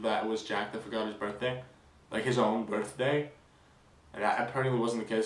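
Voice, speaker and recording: A young man vlogging a casual weekend recap, rambling with fillers and restarts, excited. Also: lowish voice, roomy sound, recorded from a distance, low-quality recording.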